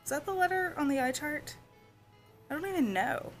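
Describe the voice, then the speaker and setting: Woman, young adult, casual vlog talk, hoarse from a cold, higher pitch. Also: expressive, moderate pace, faint music behind. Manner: chatty, rambling, lots of "like" and "y'all". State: losing her voice, coughing. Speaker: vlogger.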